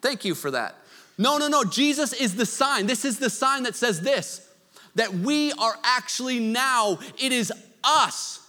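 A man preaching a sermon, conversational with joking asides, swinging from loud to hushed. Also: extremely high pitch, expressive, a little slow, long reverb tail. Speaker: pastor.

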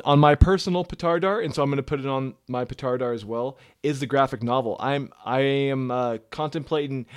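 A man's voice: medium pitch, dry recording, clean studio sound. A man co-hosting a podcast in casual chat, loose and talkative and swearing freely. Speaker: podcast co-host.

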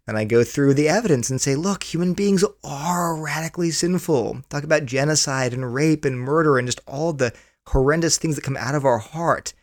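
A man's voice: mid-range voice, fairly quick, no room sound, studio quality. A man answering interview questions about his book, earnest and explanatory, often repeating words as he thinks. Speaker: author and guest.

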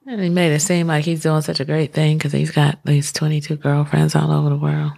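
A woman's voice: low-pitched, little pitch movement, fairly quick, gravelly, few pauses, dark tone. A woman co-hosting a casual chat, telling stories bluntly and swearing freely. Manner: blunt, profane storytelling.

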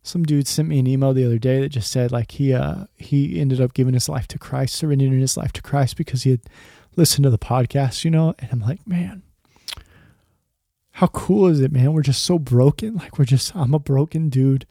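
A man in his thirties talks earnestly to his podcast listeners, rambling a little and saying "man" a lot. His voice is gravelly and mellow, with a mid-range pitch. The sound is dry and close. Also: steady tone, fairly quick, dry recording. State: choked up, emotional. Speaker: podcast host. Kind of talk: heartfelt podcast monologue.

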